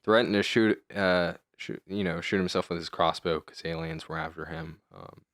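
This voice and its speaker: A young man with a very deep voice, relaxed and dry in casual podcast chat. He keeps his answers short and even, recorded close with no room sound. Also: moderate pace, no echo. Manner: laid-back, dry, short replies. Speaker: podcast co-host.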